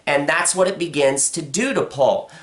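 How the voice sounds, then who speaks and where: A woman giving a casual, rambling film review, swearing freely and filling pauses with "uh" and "like.". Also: deep voice. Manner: rambling, profane, frequent fillers.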